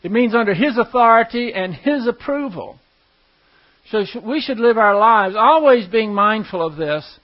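A man's voice: sits high, expressive, normal speed. A man teaching an informal Bible class in a folksy, explanatory way, often putting questions to his class. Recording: dull lo-fi classroom recording.

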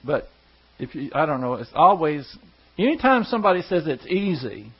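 Man, pastor, casual storytelling, folksy rambling, husky voice, dull lo-fi sound. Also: fairly high pitch, big pitch swings, moderate pace. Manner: rambling, chuckling, folksy asides. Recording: dull lo-fi recording.

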